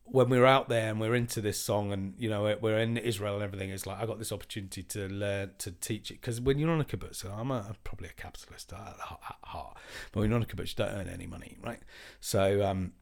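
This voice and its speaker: A man in his forties spins a rambling, animated anecdote with a fairly low voice. He swears freely and pitches up to act out the people in his story. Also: fast, gravelly, few pauses. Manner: animated, swearing, acts out other people's lines in raised voices. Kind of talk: casual storytelling.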